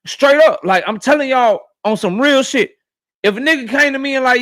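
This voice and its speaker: Male streamer-host, high voice, profane, animated casual rant to chat. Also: normal speed. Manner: profane, animated, talks straight to his chat. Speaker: boxing YouTube host.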